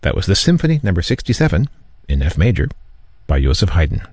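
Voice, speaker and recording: A man hosting a classical music radio program, announcing pieces with a relaxed, lightly wry delivery into a studio microphone. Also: deep voice, a little fast, slightly rough, no echo.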